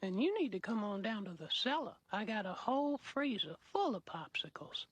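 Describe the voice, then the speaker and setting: A woman's voice: medium pitch, big pitch swings, normal speed, reverberant, natural voice. A woman playing a creepy stranger who coaxes someone with popsicles in a sly voice, heard as a distant clip. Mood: coaxing.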